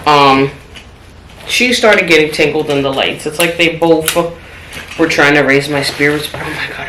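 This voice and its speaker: A woman telling a personal story in a home vlog, candid and open, her voice going soft and trailing when the story turns sad. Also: a bass voice, slight background noise. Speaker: vlogger. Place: home apartment. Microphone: phone camera. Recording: echoey room with clattering dishes.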